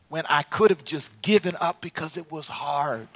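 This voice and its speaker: A man preaching a sermon to a congregation, telling stories from his youth and calling out to the crowd, going from hushed musing to loud shouts. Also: a little high, normal speed, few pauses. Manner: calls out to the congregation for responses.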